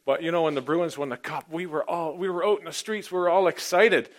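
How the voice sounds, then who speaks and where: A man's voice: a little high, fast talker. A middle-aged man, a pastor, praying and then preaching a sermon in an earnest, personal storytelling way. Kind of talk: sermon with opening prayer.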